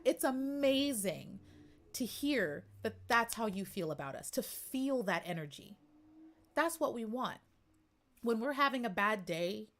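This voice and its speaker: A woman hosting a podcast livestream, talking in a chatty, emphatic way and greeting viewers in the chat. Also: fairly high pitch. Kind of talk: casual livestream monologue.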